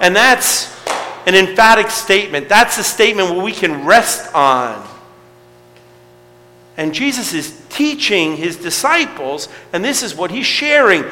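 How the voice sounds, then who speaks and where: High bright-voiced middle-aged pastor preaching, lots of questions to the room, long church reverb. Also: male voice. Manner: conversational preaching with rhetorical questions. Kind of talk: sermon.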